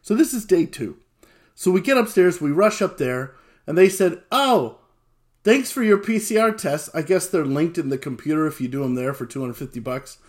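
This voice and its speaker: A man telling a lively personal anecdote, acting out what people said and laughing along the way. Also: on the high side, a little fast. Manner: animated storyteller who acts out quotes and laughs often.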